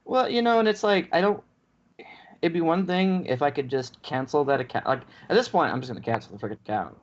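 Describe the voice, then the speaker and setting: A man's voice: a little high, animated, brisk. Exasperated man ranting, lo-fi audio. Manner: exasperated ranting storyteller, acts out both sides. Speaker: podcast co-host. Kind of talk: casual chat. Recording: dull lo-fi podcast audio.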